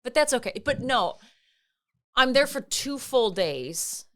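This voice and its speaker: A young adult woman co-hosting a podcast, telling a story in casual chat and acting out quoted voices with lively swings. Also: on the high side, takes it slowly. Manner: animated, acts out quoted voices. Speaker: podcast co-host.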